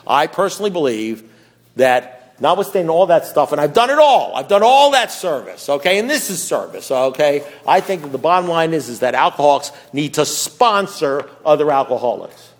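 A middle-aged man giving a blunt, preachy talk at a recovery meeting, swinging from loud urging to low, quiet passages. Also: very animated, moderate pace. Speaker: AA speaker.

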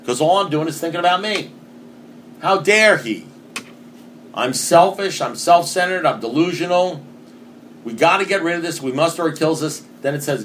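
A man's voice: a little high, lively intonation, a little fast, fairly bright tone, slight background noise. A man giving an earnest recovery talk, reading passages from a book and repeating points for emphasis, now and then rising to emphatic bursts. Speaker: recovery meeting speaker.

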